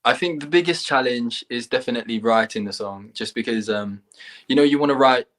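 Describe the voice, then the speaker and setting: A man's voice: medium pitch, fairly quick. Casting: a young man as a laid-back singer, mid-range voice, chatty. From England. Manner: relaxed, easygoing, hesitant with ums. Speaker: guest singer. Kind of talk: casual interview chat.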